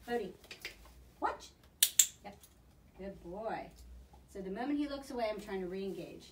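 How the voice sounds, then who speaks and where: A woman dog trainer giving brisk, encouraging hands-on coaching to a student. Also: medium pitch, expressive, darkish tone, slight background noise. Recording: echoey room, mic at a distance.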